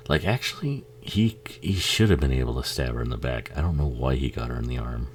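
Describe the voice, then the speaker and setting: Man, very deep voice, lively swoopy delivery, casual film commentary, profane, chuckling. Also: brisk, slight background noise. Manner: rambling, swears a lot, laughs often. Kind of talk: casual watch-along commentary.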